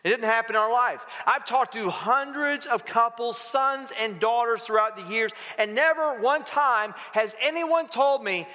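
A man's voice: very high voice, unhurried, few pauses, pushed and bright. A man in his forties preaching a sermon as a pastor, conversational and full of rhetorical questions. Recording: reverberant hall.

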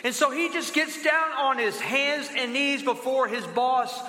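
High, sharp-voiced preacher in an echoey hall. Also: male voice, unhurried. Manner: storytelling with rhetorical questions to the audience; dramatic drops in pitch for emphasis. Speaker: pastor. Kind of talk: sermon. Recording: echoey hall with long reverb.

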